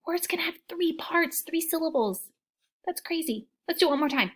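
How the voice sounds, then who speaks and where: A woman teaching young children a phonics lesson, slow and encouraging in a sing-song way, with soft whispered asides. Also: sits high, lively intonation, slight background noise.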